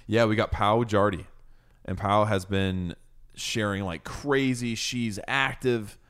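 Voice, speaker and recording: Jokey male podcast co-host, lower voice. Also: fairly even intonation, slow, a bit bright, clear, resonant tone. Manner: jokey, breaks into silly voices and accents. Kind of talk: casual podcast chat.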